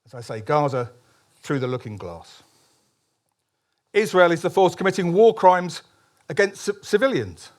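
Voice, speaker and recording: A man's voice: a little high, lively intonation, normal speed, pauses often. A man, a columnist, giving a public speech at a political meeting, emphatic, with frequent restarts and ironic asides.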